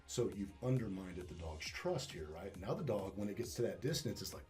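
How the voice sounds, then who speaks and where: Animated, low-voiced dog trainer, man. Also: a little fast, faint music behind. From Northwest Arkansas. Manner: animated storytelling, acts out dog and owner with swearing. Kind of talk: casual interview.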